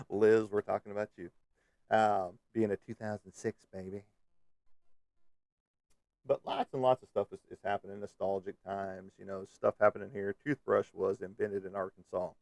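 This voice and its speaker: A man's voice: on the low side, flat delivery, a little slow, vocal fry, pauses often, darkish tone, no echo, studio quality. A man hosting a live stream, chatting casually with viewers in a rambling, joking way with lots of fillers. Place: Kansas City area.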